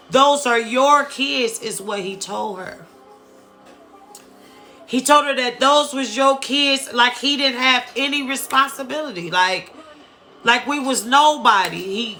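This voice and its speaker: A middle-aged woman from Ohio tells a personal story in an unhurried, drawn-out way. Her voice is bright and forward, and she comes back to the same phrases while she speaks with open emotion. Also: on the high side. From Dayton, Ohio, US. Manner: emotional, repeats phrases, slow and earnest.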